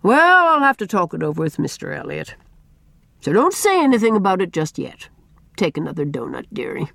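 A blunt, homespun middle-aged farm wife, as a female audiobook reader puts her on, quick to fuss and quick to soften. Her voice rises and falls lively, in a dry, close recording. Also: fairly low pitch, gravelly, no room sound, full character voice. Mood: resigned. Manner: blunt, homespun, fond "dearie". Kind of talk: audiobook character reading.

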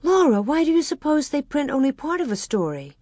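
A woman's voice: sits high, sing-song, brisk, mellow, dry recording, voice pushed up. An earnest pioneer girl in a storybook reading, voiced by a woman, her voice raised and eager. The sound is dry and close.

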